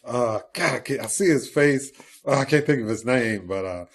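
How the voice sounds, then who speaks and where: A man's voice: mid-range voice, animated, moderate pace. A man, an actor being interviewed, talking casually with many fillers and frequent laughs. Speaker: actor guest.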